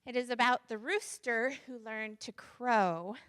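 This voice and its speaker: A woman's voice: on the high side, unhurried, a bit bright, smooth, no room sound. A woman minister telling a playful children's story during a church service. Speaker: interim minister. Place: church sanctuary.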